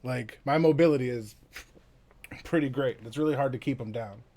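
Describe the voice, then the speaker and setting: A man's voice: medium pitch, moderate pace, warm tone. A man playing a tabletop game who talks casually, rambling, swearing and laughing between restarts. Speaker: player.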